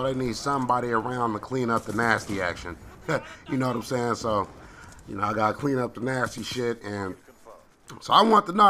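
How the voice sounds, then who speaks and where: A man's voice: mid-range voice, sharp tone. A young man casually commenting over his own gameplay in a loose, slangy way, often asking "you know what I'm saying". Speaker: gaming commentator.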